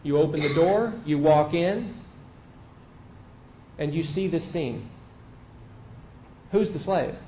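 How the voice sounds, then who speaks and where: A man's voice: a little high, takes it slowly, pauses often, dark tone. A man preaching a sermon in a conversational, storytelling way, with emphatic repeats and quoted lines. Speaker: pastor. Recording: echoey room with faint noise.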